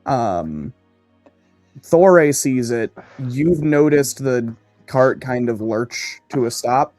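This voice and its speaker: A man's voice: mid-range voice, expressive, very slow, darkish tone, no echo, soft background music. A man running a tabletop game as game master, reading out scene descriptions and laughing easily with his players.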